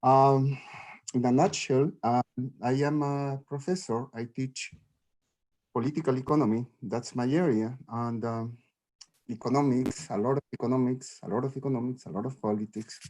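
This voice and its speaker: A middle-aged man talking over a video call, sharing something in a halting, heartfelt way with many restarts. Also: medium pitch, fairly even intonation, a little mellow. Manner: halting, restarts often, grateful and moved. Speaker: audience member sharing in a Q&A. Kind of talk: emotional spontaneous sharing.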